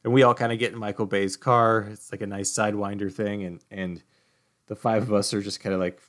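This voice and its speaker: A man with a fairly low voice hosts a comedy podcast. He rambles through a long anecdote in a deadpan tone, padding it with "like" and "you know" at every turn. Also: a little fast. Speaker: podcast host.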